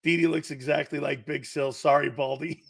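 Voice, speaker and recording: On his casual sports talk live stream, a middle-aged host meanders through anecdotes, quotes others, and laughs often. He speaks in a fairly high, slightly rough voice with a steady tone at a moderate pace.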